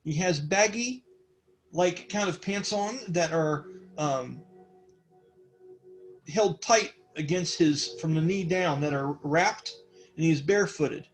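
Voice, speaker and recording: A man's voice: a little high, slow pace, faint music behind. A man narrating a tabletop game as game master, rambling with many fillers.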